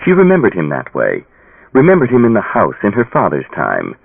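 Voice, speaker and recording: A man narrating an audiobook with a dramatic, expressive reading. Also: on the low side, a little fast, gravelly, slightly rough, no room sound. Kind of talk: scripted narration. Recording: tinny phone-like audio.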